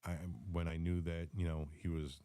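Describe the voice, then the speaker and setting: Deep, dark-voiced man ranting on politics. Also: level tone, moderate pace, clear, resonant tone, dry recording. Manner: rambling, repeats words, frequent ums and restarts. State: has the hiccups. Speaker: host of a live audio space. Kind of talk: political commentary rant.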